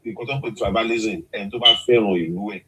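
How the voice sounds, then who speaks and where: Low-voiced Yoruba man lecturing. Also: fairly even intonation, racing, background noise. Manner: explanatory, lecturing, mixing Yoruba and English. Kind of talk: talk show discussion.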